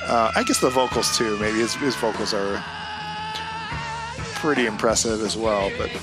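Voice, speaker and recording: A man's voice: on the low side, steady tone, normal speed. A man co-hosting a podcast in casual chat, easygoing and hesitant, with many fillers. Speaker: podcast co-host. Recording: music clearly playing underneath.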